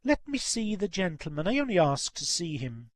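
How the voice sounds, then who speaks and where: A man's voice: sits high, big pitch swings, normal speed, no room sound. A man voicing a tearful pleading young woman. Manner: earnest, imploring, soft.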